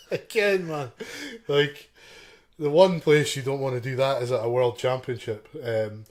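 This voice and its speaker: A man's voice: mid-range voice, fairly even intonation, measured pace, darkish tone. A man co-hosting a podcast, speaking in easygoing casual chat, chuckling often and restarting with fillers. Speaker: podcast co-host.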